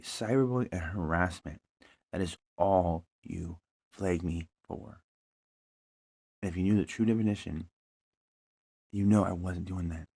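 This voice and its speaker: A man's voice: low voice, creaky, a little mellow. A young man ranting bluntly and profanely into a broken phone mic in his living room. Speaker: vlogger. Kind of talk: angry ranting monologue. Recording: lo-fi phone recording.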